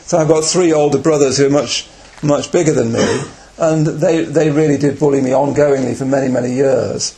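Gravelly-voiced man telling anecdotes. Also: medium pitch, steady tone, normal speed, few pauses, dark tone. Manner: candid, reflective, self-deprecating. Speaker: Buddhist speaker on retreat. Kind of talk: personal anecdote talk.

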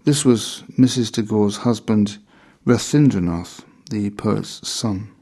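A man reading a memoir aloud in measured, deliberate scripted narration. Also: fairly low pitch, warm tone, slightly rough.

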